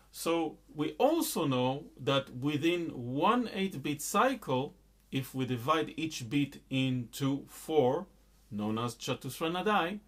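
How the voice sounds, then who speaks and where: A middle-aged man teaching a rhythm lesson, explaining patiently with frequent fillers and chanting syllables and counts. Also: on the high side. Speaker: music teacher.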